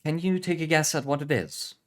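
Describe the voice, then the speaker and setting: Guy putting on a high, slow, teasing scheming mom, voice swoops all over. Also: huge pitch swings, gravelly, exaggerated voice. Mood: playful scheming. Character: scheming middle-aged Hispanic mother, playful dealmaker.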